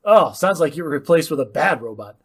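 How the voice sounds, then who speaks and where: A man's voice: a little high, lively intonation, fairly quick, fairly bright tone, breathy edge. A man co-hosting a podcast in casual chat, trading snarky jokes. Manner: snarky, joking. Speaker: podcast co-host.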